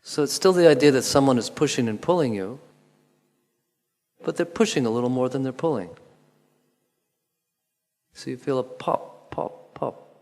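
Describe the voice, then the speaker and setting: Man guiding a movement class, lively pitch. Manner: calm, instructive, with pauses and spoken counting. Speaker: movement teacher. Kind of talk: guided movement lesson. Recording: long hall reverb.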